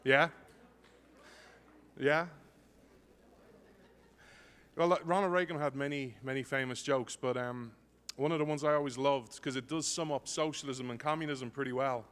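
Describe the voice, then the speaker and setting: A man's voice: medium pitch, steady tone, normal speed, a bit bright. Male emcee, chatty joke-teller, stage mic, long hall echo. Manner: jokey, apologetic, chatty. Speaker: emcee filling time before a speaker. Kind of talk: joke-telling stage banter. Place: large conference hall. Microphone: stage microphone.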